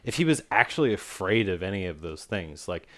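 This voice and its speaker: A man with a fairly low voice co-hosts a casual film review podcast. He rambles and circles his points with plenty of fillers. He gets animated as an argument lands. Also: brisk.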